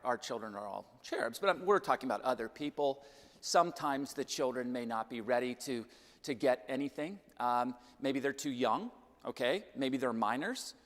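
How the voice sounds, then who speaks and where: A financial planner from Kansas, a Midwestern man with a medium-pitched voice, gives a chatty seminar talk in a church hall with a long reverb tail. Every few sentences he checks in with the audience, asking "okay?" and "right?"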